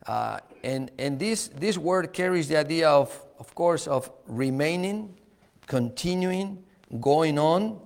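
A man preaching a sermon, slow and emphatic, repeating key words and chuckling now and then. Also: fairly high pitch, lively intonation, gravelly, big-room sound.

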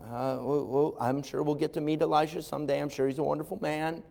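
Man pastor, animated and wry, somewhat high voice, long reverberant church sound. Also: a little fast, gravelly. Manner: animated storyteller, acting out voices, wry asides. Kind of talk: sermon.

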